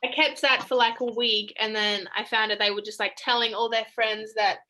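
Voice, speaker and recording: A woman's voice: on the high side, fairly even intonation, moderate pace, pushed and bright, low-quality recording. A young Australian woman, a college basketball player, chatting in a video call interview and laughing often between sentences. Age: young adult.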